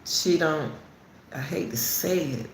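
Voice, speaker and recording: Slow, gravelly-voiced woman commentator. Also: low-pitched. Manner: repetitive, emphatic, talks straight to viewers. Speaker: commentary channel host. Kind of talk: casual spoken commentary on a case. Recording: roomy echo, faint background noise.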